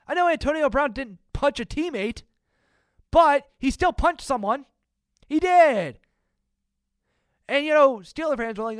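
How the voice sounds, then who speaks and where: A man hosting his own sports podcast alone, ranting in an exasperated way with sudden loud outbursts. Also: very high voice, animated, moderate pace, no room sound, clean studio sound. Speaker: podcast host. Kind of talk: solo sports opinion podcast.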